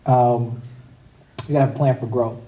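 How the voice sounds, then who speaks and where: A man's voice: medium pitch, fairly even intonation, moderate pace, warm tone, distant mic. A man preaching a conversational sermon as pastor, speaking casually and making joking asides to the congregation. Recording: echoey hall, voice picked up from afar.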